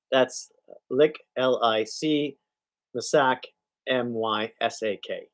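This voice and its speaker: A man's voice: medium pitch, fairly bright tone. A man hosting a live reaction stream, reading posts and reports aloud with chuckles and many fillers. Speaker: livestream host. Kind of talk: casual live reaction commentary.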